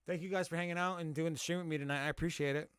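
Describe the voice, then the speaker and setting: A man hosting a casual podcast live stream, rapping a long name list fast and swearing as he jokes about himself. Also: a little high, fairly even intonation, a bit bright, clean tone, dry recording, studio quality. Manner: rapid rhythmic list rapping, swearing, self-mocking. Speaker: podcast host.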